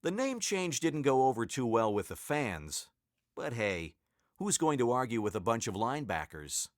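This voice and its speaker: A man narrating a children's storybook aloud in a slow, expressive way. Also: mid-range voice, no room sound, clean studio sound.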